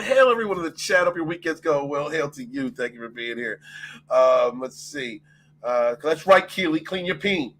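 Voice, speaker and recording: A man's voice: on the high side, fairly bright tone, slight background noise. A man hosting a casual livestream, greeting his chat by name, laughing often and swearing freely. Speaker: livestream host.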